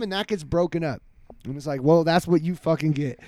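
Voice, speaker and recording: A man in his thirties telling a story in casual chat, animated and heavy with profanity. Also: on the high side, quick pace, no echo.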